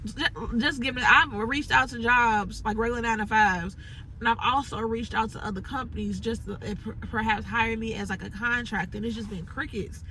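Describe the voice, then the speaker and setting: A woman's voice: fairly high pitch, steady tone, moderate pace, bright, forceful tone, slight background noise, poor audio. A woman from Chicago venting frustrated, rambling thoughts into her phone from inside a parked car, full of "like" fillers. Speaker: entrepreneur vlogger. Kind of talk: unscripted venting monologue.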